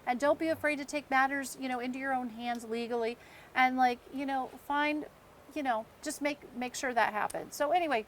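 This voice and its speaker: An American woman in her fifties co-hosts a casual podcast and tells a long personal story. She acts out the people in it and laughs along the way. Her voice sits a little high, with a faint background hum. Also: fairly even intonation, a little fast. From United States. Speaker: podcast co-host.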